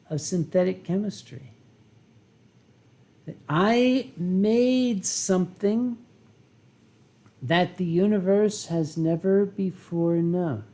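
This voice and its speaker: A man in his fifties answers chat on his live stream with wine at hand, drawling slowly and unhurriedly. He rambles and swears freely, using dramatic pauses and swinging between booming outbursts and hushed asides.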